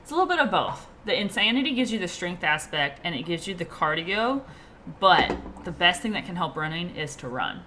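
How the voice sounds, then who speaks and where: A woman's voice: lowish voice, big pitch swings, fairly quick, pushed and bright, slight background noise. A woman guest talking casually and enthusiastically about running, laughing easily. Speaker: podcast guest, teacher and runner. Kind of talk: casual chat.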